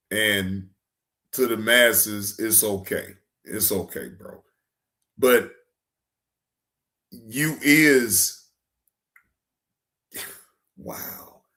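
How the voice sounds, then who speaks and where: A man's voice: on the low side, a bit bright. A man hosting a reaction video, drawling and mocking, often laughing as he comments. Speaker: reaction channel host.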